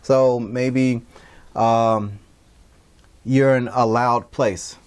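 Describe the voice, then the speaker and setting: Casting: male instructor, relaxed and rambling, mid-pitched voice. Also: very slow, clear, resonant tone. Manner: casual, rambling with many fillers and restarts. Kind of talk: recorded online lecture.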